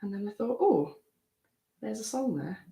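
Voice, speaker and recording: A British singer-songwriter chatting between songs on a live stream from her room at home, rambling and relaxed with lots of ums. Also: medium pitch, normal speed, vocal fry. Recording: roomy sound with guitar behind. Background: acoustic guitar.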